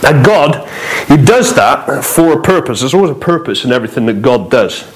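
A man's voice: medium pitch, very animated, normal speed, poor audio. Chatty man preaching. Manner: chatty, joking asides, frequent fillers. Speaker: guest preacher. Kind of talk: informal sermon with humor. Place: church hall.

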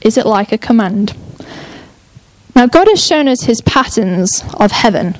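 A woman's voice: fairly high pitch, expressive, unhurried. A young woman preaching a sermon in an enthusiastic, chatty way, often breaking off and restarting her thoughts. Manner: enthusiastic, chatty, self-interrupting.

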